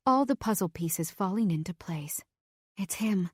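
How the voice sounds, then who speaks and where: A woman's voice: fairly low pitch, moderate pace, darkish tone, slightly rough, no echo. Dry close young woman narrating. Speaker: audiobook narrator. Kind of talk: first-person romance audiobook narration.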